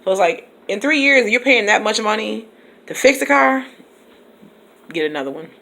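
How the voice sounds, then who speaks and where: A woman teacher talks straight to her subscribers in a relaxed vlog. She is chatty, laughs easily between thoughts, and calls out her viewers by name as she goes. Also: mid-range voice, moderate pace, gravelly. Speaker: teacher and YouTube vlogger. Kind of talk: casual vlog chat to subscribers.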